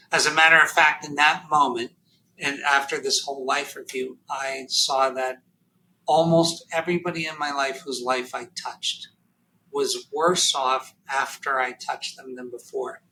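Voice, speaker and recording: A man telling a deeply personal story as a podcast guest, halting and emotional, near tears, with many fillers and restarts. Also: pushed and bright, a little hiss or hum, rough recording.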